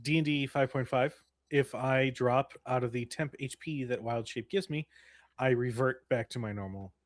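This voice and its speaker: A man's voice: mid-range voice, normal speed, no room sound, clean studio sound. A man playing a tabletop game who explains the rules and jokes wryly. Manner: explaining rules, wry humor. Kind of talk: casual game table chat.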